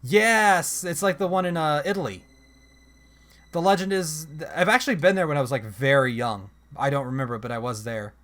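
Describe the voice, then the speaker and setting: Man narrating a text game, somewhat high voice, casual reading, chatty asides, self-corrections. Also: normal speed, a bit bright. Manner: chatty, self-correcting, reads aloud then comments. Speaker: let's play host reading a text adventure.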